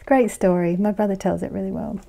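A woman giving a casual pick-a-card tarot reading, chatty and rambling, laughing often and dropping into soft asides. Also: mid-range voice, steady tone, a little fast, vocal fry. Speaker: tarot reader and life coach.

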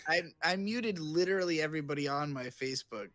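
A man talking as a guest on a casual podcast, wry and laid-back as he trades jokes. His voice is a bit higher than most men's, and the sound is close and dry. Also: fast, pushed and bright, no room sound. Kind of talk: casual chat.

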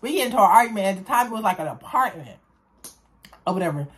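A woman's voice: mid-range voice, fast, slightly rough. A young woman, chatting casually as she tells a story from her school days to her viewers. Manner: chatty, animated storytelling with slang.

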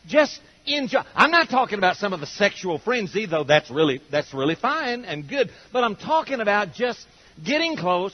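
Folksy, animated older man preaching. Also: high-pitched. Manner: folksy, humorous storytelling with acted-out quotes. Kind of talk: sermon. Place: church auditorium with congregation. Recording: dull lo-fi sermon recording.

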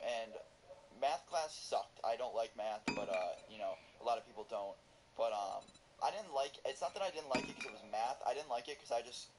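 A man casually telling a rambling story, swearing often and laughing at himself. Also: mid-range voice. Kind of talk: casual storytelling over gameplay. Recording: loud background noise.

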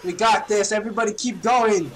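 Excitable high-voiced young man gaming. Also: fairly quick, low-quality recording. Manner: excitable, laughs and yells often. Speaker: gaming channel host. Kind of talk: casual gameplay chat with friends.

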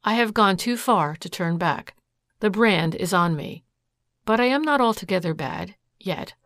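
A woman voicing a guarded adventuress who speaks in a measured, quietly sad way in a read-aloud detective story. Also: mid-range voice, lively intonation, no room sound, clean studio sound.

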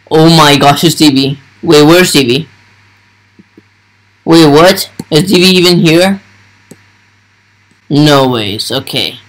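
Slow-talking young man narrating gameplay. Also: fairly high pitch, low-quality recording. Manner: thinks aloud while playing, talks to viewers. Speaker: gaming YouTuber. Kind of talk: casual gameplay commentary.

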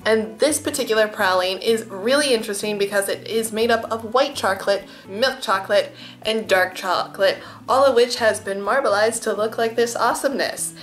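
A woman's voice: medium pitch, normal speed. Young woman vlogger, gushing and chatty, light music underneath. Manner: gushing, enthusiastic, drops to soft murmurs while eating. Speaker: food vlogger. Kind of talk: chatty food tasting vlog.

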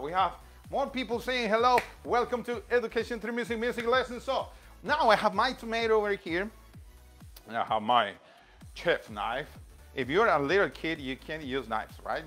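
A man from Colombia, a music teacher giving a lively live lesson from a home kitchen, coaching young viewers with counts and chants. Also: on the high side.

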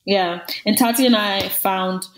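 An animated woman co-hosting a casual podcast, her voice sitting in a middle range. She talks emphatically and often repeats a phrase to drive it home. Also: medium pitch, measured pace, poor audio. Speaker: podcast co-host. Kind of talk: casual chat.

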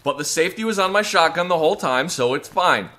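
A man's voice: fairly high pitch, animated, fast talker, sharp tone. A man co-hosting a gameplay video, chatting and joking casually and laughing often. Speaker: co-host playing a game.

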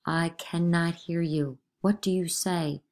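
A woman's voice: fairly low pitch, steady tone, slow, a little mellow. A woman reading a play aloud, voicing an imperious older male judge who interrogates with commanding demands. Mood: stern.

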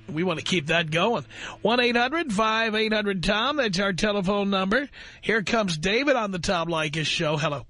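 Man, radio call-in host, brash, blunt, bright tone, high pitch. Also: normal speed, no echo. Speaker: radio talk show host.

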